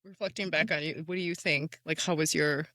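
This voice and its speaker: A woman's voice: deep voice, fairly even intonation, a little fast, sharp tone, no echo, clean studio sound. A woman with a Midwestern American accent, chatting casually as a co-host and asking questions. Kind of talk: casual chat.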